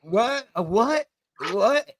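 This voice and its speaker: A man with an American accent, trash-talking loudly and mockingly in a heated online panel debate. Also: high-pitched, drawn-out words, background noise. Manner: loud, mocking, animated trash talk.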